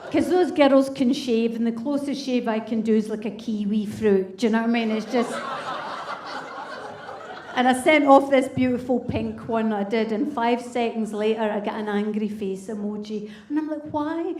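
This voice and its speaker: A woman's voice: fairly high pitch, echoey room, far from the mic, noisy background. A woman in her fifties, a comedy host doing crude, brash stand-up and teasing the crowd. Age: 50s. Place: comedy club stage with audience.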